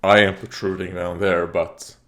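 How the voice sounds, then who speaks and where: A man with a lowish voice rambles through a casual reaction video. He fills his talk with "uh" and "like", coughs here and there, and tosses remarks straight at the screen. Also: level tone, unhurried, fairly bright tone. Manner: rambling, talks back at the screen; frequent fillers and coughs. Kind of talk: casual commentary while watching.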